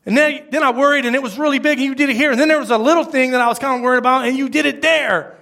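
A pastor with a lilt preaching in a high, lively voice. He acts out little dialogues as he goes and drops from loud bursts to near-whispers. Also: very fast, creaky. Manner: animated, acts out quoted lines, swings from loud to hushed. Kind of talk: sermon.

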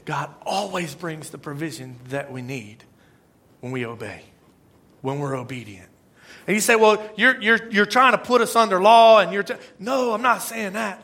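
A man preaching a sermon in a casual, conversational way, swinging between loud asides and hushed emphasis. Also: on the high side, gravelly, breathy edge. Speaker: pastor.

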